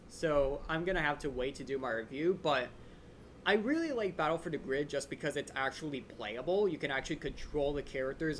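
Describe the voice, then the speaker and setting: A young man hosting a live Q&A stream, rambling quickly and eagerly with lots of fillers, his voice a little drained. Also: a little high, a little hiss or hum. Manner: fast, excited fan rambling with many "like" fillers. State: voice a bit drained. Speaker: channel host answering viewer questions.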